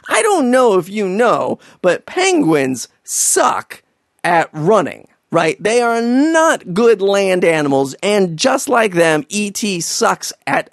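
A man's voice: sits high, dry recording, studio quality. A man doing a sarcastic, exasperated comedic recap of a film, swearing freely.

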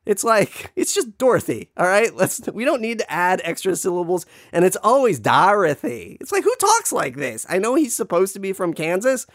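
A man's voice: sits high, very animated, moderate pace, hardly any pauses, no echo, studio quality. A man casually reviewing a movie, rambling with many fillers and restarts, wryly griping. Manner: wry, playfully griping. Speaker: film reviewer.

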